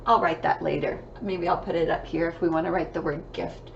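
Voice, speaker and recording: A woman teaching a young class remotely, with a sing-song manner and drawn-out words. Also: sits low, steady tone, creaky, muffled recording, slight background noise. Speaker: kindergarten teacher.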